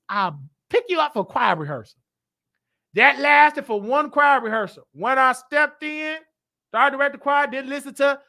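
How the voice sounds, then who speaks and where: A man hosting a show, telling a church story in a dramatic, preacher-like way that rises to shouts. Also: very high voice, vocal fry. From Chicago. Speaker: show host. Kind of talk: animated storytelling monologue.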